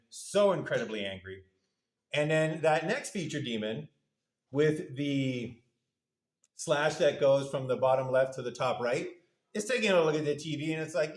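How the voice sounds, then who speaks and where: A man's voice: medium pitch, moderate pace. A male university lecturer giving a casual classroom lecture, playfully acting out little voices for the parts of a model. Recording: echoey room.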